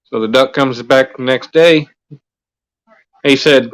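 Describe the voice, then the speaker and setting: A man's voice: mid-range voice, slow pace. A man, chatting casually on a livestream and telling jokes with put-on voices.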